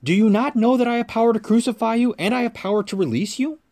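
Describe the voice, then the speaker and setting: A man's voice: very high-pitched, quick pace, darkish tone, voice pushed up. A man reading the lines of a male Roman governor who keeps pleading and questioning. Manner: questioning, insistent.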